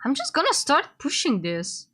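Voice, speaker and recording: A woman's voice: high-pitched, huge pitch swings, moderate pace, fairly bright tone, soft background music. A woman streamer playing a game, reading its text aloud and reacting as she goes. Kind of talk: casual game commentary.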